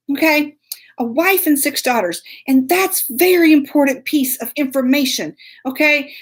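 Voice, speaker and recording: A middle-aged woman spins a funny tale with a high, bright voice that leaps all over the place. She tells it with big dramatic flair, dropping into hushed asides and acting out every beat. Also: breathy edge. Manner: animated, dramatic, acts out scenes with whispers and sound effects. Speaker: storyteller host. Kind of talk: comic storytelling.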